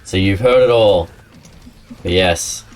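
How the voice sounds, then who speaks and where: A man's voice: deep voice, slow, darkish tone, recorded from a distance. A man streaming a game, chatting casually with his viewers and a friend, often laughing and rambling. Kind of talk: casual live-stream chat while gaming.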